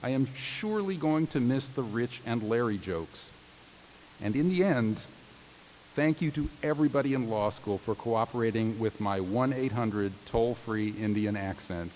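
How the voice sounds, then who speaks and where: A man's voice: mid-range voice, lively intonation, moderate pace, darkish tone. A man reading graduates' tributes aloud at a commencement ceremony, formal but with playful joking asides. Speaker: commencement announcer. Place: large commencement hall. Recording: reverberant hall with faint hiss.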